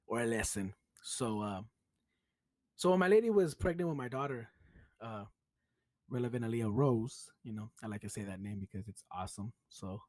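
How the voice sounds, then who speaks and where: A man's voice: medium pitch, dry recording. Young Chicano-accented man, podcast host, laughing storyteller, dry close sound, mid-range voice. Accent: Chicano English. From United States. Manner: profane, laughing, animated storytelling. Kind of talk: casual storytelling.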